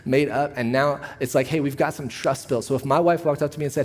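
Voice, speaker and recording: A man preaching a sermon, his voice carrying with a long, lingering reverb through a church hall. His pitch sits in an ordinary middle range. He delivers it like casual storytelling, full of jokes. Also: steady tone, quick pace, few pauses, a little hiss or hum. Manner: joking, conversational storytelling. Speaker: pastor. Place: church auditorium.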